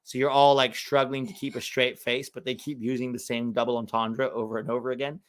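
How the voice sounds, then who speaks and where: A man's voice: medium pitch, level tone, a little fast. An American man hosting a live match watch-along, chatting casually with a sarcastic, riffing manner between reactions to the game.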